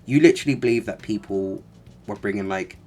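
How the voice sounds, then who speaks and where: A man's voice: on the low side, brisk, over music. A man giving casual reaction commentary, exasperated and sarcastic, with lots of fillers. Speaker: commentary vlogger.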